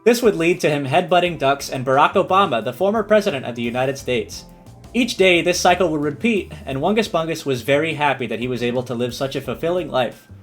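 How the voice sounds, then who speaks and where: Animated man with a lively, high voice. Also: a little fast, faint music behind. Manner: animated, giggly, breaks into laughs. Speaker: streamer. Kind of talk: reading a silly story aloud, then chatting with stream chat.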